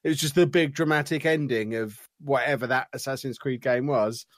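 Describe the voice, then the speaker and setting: A man's voice: medium pitch, brisk, no room sound. A man co-hosting a podcast, making dry, sardonic quips in casual chat. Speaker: podcast co-host.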